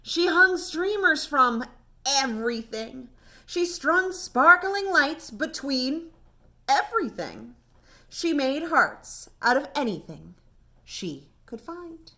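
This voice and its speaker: Children's librarian, woman, storytime reader, high voice, unhurried, gentle and expressive. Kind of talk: reading a picture book aloud to kids.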